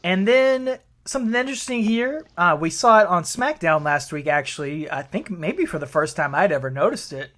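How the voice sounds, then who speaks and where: A man's voice: high-pitched, animated, moderate pace, few pauses, fairly bright tone. Laid-back male podcast co-host. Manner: laid-back, recaps matches with fillers. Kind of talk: casual podcast chat.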